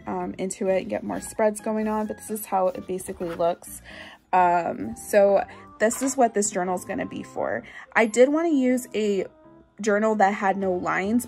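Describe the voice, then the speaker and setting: A woman's voice: mid-range voice, a little mellow. Bubbly young woman chatting casually. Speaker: vlogger. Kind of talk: casual show-and-tell vlog. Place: her bedroom.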